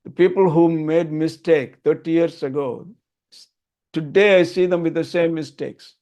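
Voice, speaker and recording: With a fairly high, steady, slightly mellow voice and a moderate pace, an older man from Tamil Nadu explains to a group how to chant. He earnestly keeps coming back to his key points.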